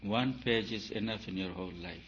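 Low-voiced man giving an emphatic spiritual talk. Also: a little fast. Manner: emphatic, rhetorical questions, swings between loud and soft. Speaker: spiritual teacher. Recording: dull lo-fi recording with faint hiss.

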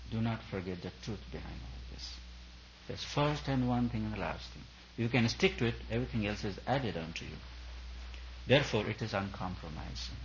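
A man's voice: on the low side, a bit bright, lo-fi sound, a little hiss or hum. A man giving a sermon as a spiritual teacher, in an emphatic preaching style that repeats and builds on its phrases. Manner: emphatic, repetitive preaching cadence.

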